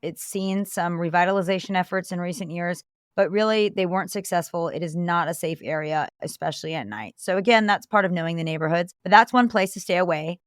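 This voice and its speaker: A woman's voice: lowish voice, a little fast, clean tone, no room sound, studio quality. A woman giving travel safety advice in a conversational, earnest way, telling stories with animation. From Florida-based.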